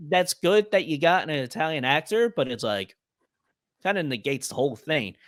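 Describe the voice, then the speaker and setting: Lively, high-voiced man chatting on a podcast. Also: moderate pace, no echo, clean studio sound. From Ireland. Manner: animated, full of filler and quoted voices. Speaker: podcast panelist. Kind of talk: casual chat.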